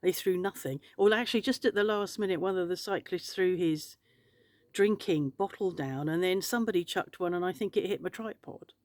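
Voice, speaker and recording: An Englishwoman vlogs from her home in France in a casual chat to camera, rambling, outspoken and swearing freely. Her voice is lowish and darkish, fairly quick, and the recording is dry.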